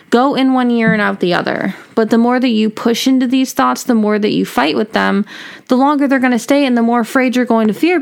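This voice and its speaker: A woman's voice: a little high, clean tone. A young woman hosting a solo podcast, talking casually and rambling with lots of fillers and little laughs. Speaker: podcast host.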